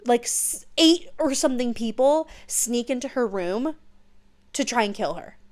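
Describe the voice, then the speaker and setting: A young woman hosting a podcast, gushing excitedly through a casual book recap and dropping into hushed whispers for emphasis. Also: mid-range voice. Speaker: podcast host.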